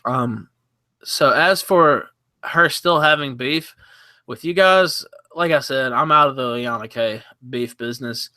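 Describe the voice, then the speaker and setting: A man's voice: mid-range voice, unhurried, pushed and bright, no room sound. A man being interviewed, telling his side at length in a candid, rambling way with many restarts. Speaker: interview guest. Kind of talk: casual interview talk.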